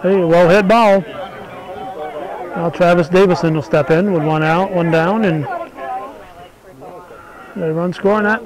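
Chatty man calling local softball. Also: high voice, measured pace, pauses often, low-quality recording. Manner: chatty, relaxed, corrects himself, aside-prone. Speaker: play-by-play announcer. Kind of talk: local sports commentary. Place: outdoor softball field. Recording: crowd noise at an outdoor ballfield.

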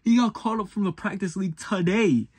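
A young man reacting to football highlights, excitable and profane, repeating his lines as he yells at the game. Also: a little fast, background noise. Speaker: sports reaction host.

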